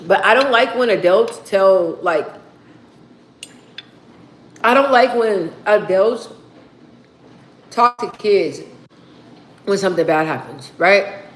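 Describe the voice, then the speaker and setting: A woman chatting casually with viewers, telling stories in a slangy, animated way. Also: mid-range voice, takes it slowly, pauses often. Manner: animated, slangy storytelling with acted-out quotes. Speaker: streamer answering viewer questions. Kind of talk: casual chat. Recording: roomy echo, faint background hum.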